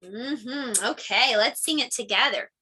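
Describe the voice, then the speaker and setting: A woman's voice: on the high side, unhurried, bright, forceful tone, breathy edge. A middle-aged woman teaching a preschool lesson to small children, encouraging and sing-song. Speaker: homeschool pre-K teacher.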